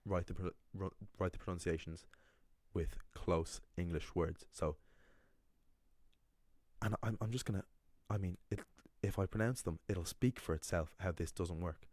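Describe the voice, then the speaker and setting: Teaching Irish pronunciation, a man stresses his points and criticizes common errors, frequently starting over mid-thought. He has a deep, slightly mellow voice, speaks at a moderate pace, and the recording has no echo.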